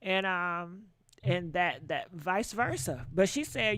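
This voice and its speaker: A woman's voice: medium pitch, lively intonation, a little slow, a bit bright, a little hiss or hum. A woman hosting a live call-in gossip show, talking in a blunt, casual, chatty way.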